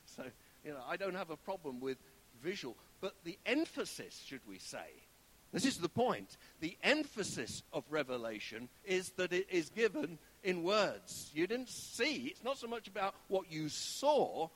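A man's voice: high voice, big pitch swings, a little slow, fairly bright tone, low-quality recording. A man preaching a sermon in a conversational way, often checking in with his listeners and stressing key words.

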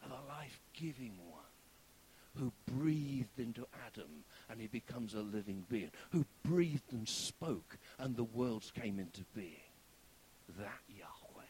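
A man preaching a sermon, telling a story with animated shifts and sometimes dropping to a hushed whisper. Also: medium pitch, unhurried, slight background noise.

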